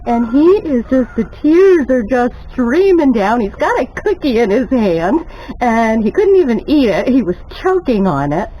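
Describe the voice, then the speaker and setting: An older woman telling a lively story while she cooks at home, chatty and laughing often. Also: a little high, measured pace, low-quality recording. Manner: chatty, laughs often, gets excited retelling stories. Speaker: cooking vlogger. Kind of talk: casual storytelling while cooking.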